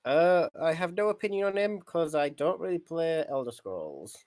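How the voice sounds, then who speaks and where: A man's voice: a little high, lively intonation, normal speed, darkish tone. A man on a casual podcast, answering in a plain, matter-of-fact way. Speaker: fanfiction author on a podcast.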